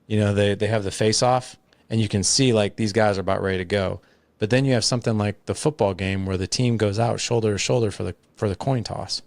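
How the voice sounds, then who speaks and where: A man with a low, gravelly voice speaks as a podcast guest. He is a father who explains things earnestly through everyday examples and leans on casual fillers. The sound is close and dry, with no room around it. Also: steady tone, fairly quick, no room sound.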